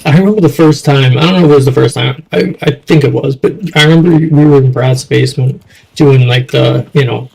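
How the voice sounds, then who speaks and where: Young man, gravelly voice, casual chat, rambling, swears a lot. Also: mid-range voice, steady tone, fairly quick, a little mellow, low-quality recording. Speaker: streamer.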